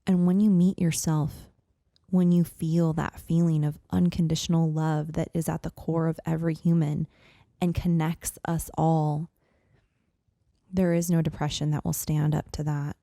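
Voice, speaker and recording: Gravelly low-voiced woman in her thirties. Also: a little slow, no echo, clean studio sound. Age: 30s. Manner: earnest, animated, frequent "like" and "you know". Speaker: podcast guest. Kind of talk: personal storytelling in conversation.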